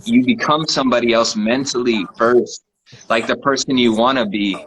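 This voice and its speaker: A man hosting a casual chat from his living room, relaxed and laughing often, with lots of fillers. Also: medium pitch, moderate pace, low-quality recording. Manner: laid-back, laughs often, many fillers. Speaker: host.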